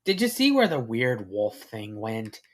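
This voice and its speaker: A man voicing an excitable young filly pony girl in a fan-written story reading, breaking into squeaky cries and shouts. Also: measured pace.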